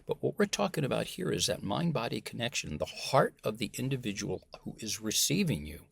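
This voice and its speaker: An American man, a communication professor, talking as a guest in a conversational interview, animated and emphatic. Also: medium pitch, fairly quick, vocal fry, husky, no room sound. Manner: animated and emphatic, acts out example voices.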